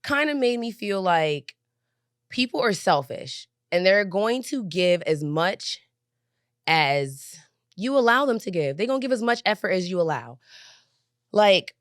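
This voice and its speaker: A woman's voice: mid-range voice, very animated, measured pace, dry recording, clean studio sound. A woman hosting her own podcast, venting in a heated, profane way and driving her points home with "okay?". She is angry and shaken. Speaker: podcast host. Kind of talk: casual venting monologue. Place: recording studio couch.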